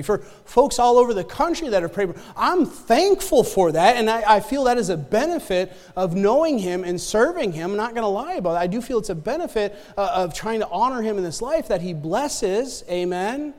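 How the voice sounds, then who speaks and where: A man with a high, slightly mellow voice preaches conversationally in a church sanctuary. He repeats words and keeps checking in with the congregation, asking "right?" and "amen?", under long hall reverb.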